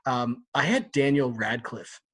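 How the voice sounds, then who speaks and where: A man's voice: mid-range voice, expressive, unhurried, fairly bright tone, husky. Guy co-hosting a book podcast, mid voice, rambly and laughy, just chatting. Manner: chatty, laughs often, leads the discussion. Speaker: podcast co-host. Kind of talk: casual book club chat.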